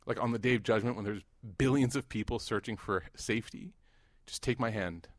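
A man in his thirties giving a sermon, mixing laughing stories with hushed, earnest reflection. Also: medium pitch, fairly quick, no echo, studio quality. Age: 30s. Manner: animated, jokes and rises loud in anecdotes, hushed and earnest in devotion. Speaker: Muslim preacher. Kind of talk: sermon with storytelling.

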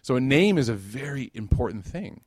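A man's voice: mid-range voice, normal speed, dry recording, clean studio sound. A man from the United States giving a casual religious talk with humor, telling stories animatedly and acting out the dialogue. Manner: animated storyteller who acts out dialogue. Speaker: religious speaker.

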